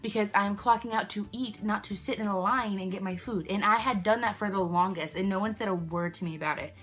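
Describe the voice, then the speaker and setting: A woman's voice: medium pitch, a little fast, a bit bright, faint music behind. Chatty young woman rambling through a story. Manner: rambling, chatty, many "like" fillers, self-interrupting. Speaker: vlogger. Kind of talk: casual storytime chat. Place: indoors at home, candles nearby. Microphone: camera she films herself with.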